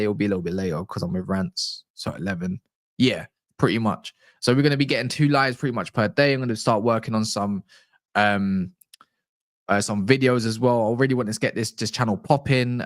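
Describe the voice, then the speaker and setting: A man talks casually on a football livestream. He rambles, teases and swears, filling gaps with plenty of "you know". His voice sits in an ordinary middle register, and the sound is dry with no room echo. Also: mid-range voice. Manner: rambling, sweary and teasing, with many fillers. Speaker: football channel host.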